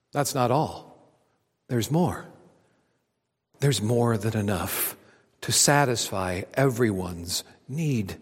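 A man preaching a sermon to a congregation, swinging between loud emphatic lines and hushed near-whispers. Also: medium pitch. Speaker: pastor. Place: church auditorium. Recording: long hall reverb.

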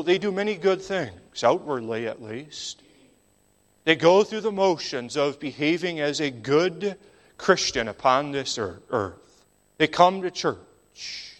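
A man preaching a sermon in a measured, emphatic style, sometimes dropping to a near whisper for emphasis. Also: a little high.

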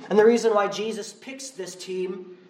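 A male pastor preaching a sermon in a church, conversational and animated. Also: sits high, moderate pace, slight background noise. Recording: roomy, from far off the mic.

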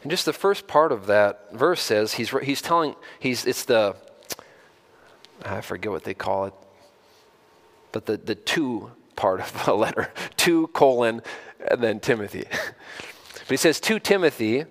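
A man's voice: mid-range voice, animated, unhurried, pauses often, a bit bright. A man preaching a sermon in a conversational way, often repeating words and putting direct questions to his listeners, then building to emphatic stresses. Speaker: pastor.

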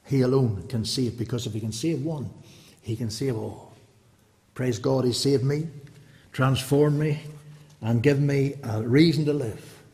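A man delivers an impassioned evangelistic sermon at a mid-range pitch. He presses his listeners with repeated rhetorical questions. His voice rings out with a long reverb in a church hall. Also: unhurried, darkish tone. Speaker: preacher.

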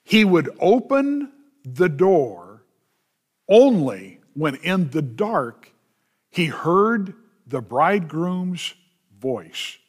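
A man, a pastor, preaching a sermon with emphatic, drawn-out stresses and quick asides to the congregation. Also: on the high side, big pitch swings.

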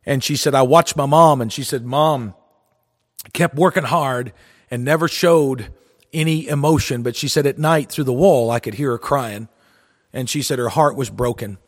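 A man's voice: medium pitch, normal speed, long reverb tail. A man preaching a sermon, telling a folksy story in an earnest way.

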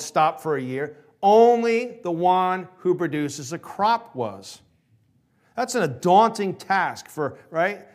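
A man preaching a sermon to his congregation, asking questions and moving between loud emphasis and quiet asides. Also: high-pitched. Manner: preaching with rhetorical questions, swinging from loud to hushed. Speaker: pastor.

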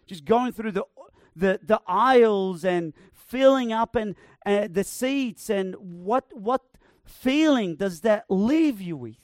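A male preacher delivers a sermon in a high, unhurried voice. He builds to emphatic proclamations and lingers on repeated words. The sound is dry and close. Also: animated, no room sound. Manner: emphatic, rising to proclaim with slow repeated phrases.

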